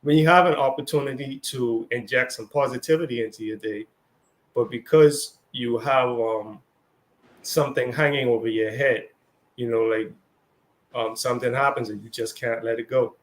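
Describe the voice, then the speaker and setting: Man in relaxed, filler-heavy conversation. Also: mid-range voice, normal speed. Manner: conversational, lots of fillers and acted-out quotes. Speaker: co-host. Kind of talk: casual spiritual discussion.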